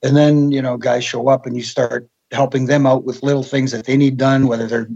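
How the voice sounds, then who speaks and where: Man guest, husky, higher-pitched, storyteller who acts out quotes; dull lo-fi sound. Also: little pitch movement, fairly quick, darkish tone. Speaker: guest, former wrestling referee. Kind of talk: casual interview chat.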